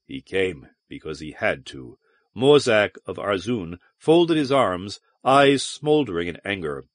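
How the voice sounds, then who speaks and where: Expressive male audiobook narrator. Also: mid-range voice, a little slow, dry recording, studio quality. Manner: expressive, dramatic storytelling. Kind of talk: scripted narration.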